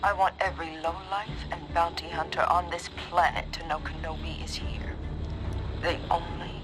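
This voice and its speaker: A woman playing a cold, commanding Inquisitor over loud music. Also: on the low side, flat delivery, normal speed, lightly acted. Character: ruthless female Inquisitor hunter. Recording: film clip with loud score. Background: music and vehicle sounds.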